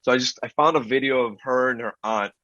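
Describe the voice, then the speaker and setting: A man hosting a podcast, chatting casually and telling lively stories, acting out other people's lines. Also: medium pitch, fast, dry recording. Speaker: podcast host. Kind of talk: casual storytelling chat. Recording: dull, dry-sounding audio.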